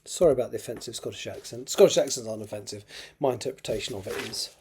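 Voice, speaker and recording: A man's voice: mid-range voice, racing, noisy background. Tired man muttering while editing. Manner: tired, muttering asides to himself. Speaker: author. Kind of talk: reading his own draft aloud while editing.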